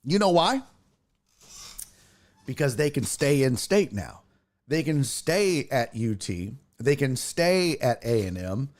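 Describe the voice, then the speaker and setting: Lively, slow-talking male sports streamer. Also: medium pitch. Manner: loose, animated and teasing, thanking followers. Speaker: sports talk show host. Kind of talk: casual live-stream sports chat, reading viewer comments aloud.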